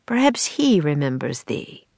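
A woman's voice: deep voice, big pitch swings, a little slow, vocal fry, darkish tone, no room sound, full character voice. A woman doing a stern, suspicious colonial captain. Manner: cold, clipped questioning.

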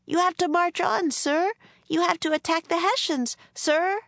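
A woman's voice: sits high, lively intonation, unhurried, vocal fry, no echo, studio quality, pitched above the performer's own voice, heavily acted. A woman voicing a bold, outspoken young girl in a storybook reading, urgent and pleading.

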